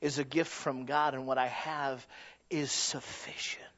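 A man's voice: medium pitch, little pitch movement, moderate pace, a bit bright, dull audio. A man preaching a sermon in a conversational way, asking rhetorical questions and building to emphatic peaks. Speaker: pastor.

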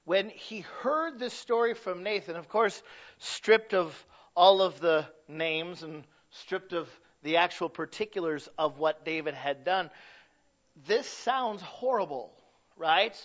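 A middle-aged man preaching a sermon, swinging from loud to hushed. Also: high voice, takes it slowly, muffled recording. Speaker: pastor.

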